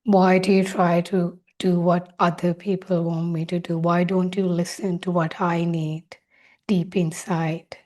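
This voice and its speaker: A woman's voice: on the low side, flat delivery, measured pace, a little mellow, close to an everyday voice. A woman speaking as a hurt, pleading inner child. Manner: plaintive, asks one reproachful question after another.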